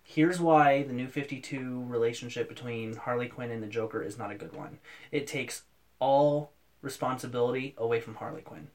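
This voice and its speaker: A man's voice: mid-range voice, normal speed. A young man co-hosting a podcast, casually arguing his opinions firmly. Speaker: podcast co-host. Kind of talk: casual chat.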